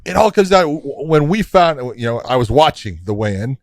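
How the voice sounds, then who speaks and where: A man's voice: mid-range voice, big pitch swings, moderate pace, no echo. A man co-hosting a casual podcast, blunt and emphatic, swearing casually. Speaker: co-host.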